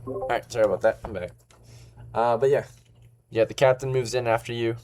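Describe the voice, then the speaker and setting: A man's voice: mid-range voice, steady tone, a little fast, darkish tone, slight background noise. A man narrating as game master of a tabletop role-playing game, talking casually with many fillers.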